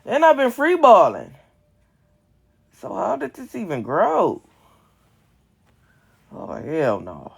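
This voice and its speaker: Late 20s woman streaming, blunt and cussing, voice swoops around, bit of fry. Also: mid-range voice, slow, long pauses. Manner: blunt, profane, animated. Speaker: livestreamer. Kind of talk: casual livestream chat.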